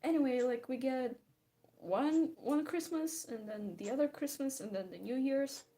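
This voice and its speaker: A woman's voice: high voice, normal speed, mellow, slight background noise. A tired young woman from Belarus, rambling and giggling as she chats casually while drawing. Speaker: streamer.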